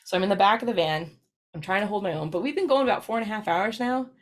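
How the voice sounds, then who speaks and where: A woman's voice: mid-range voice, quick pace. Chatty woman presenter telling stories. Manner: chatty, storytelling, frequent "right?" tag questions. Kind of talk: recorded professional presentation.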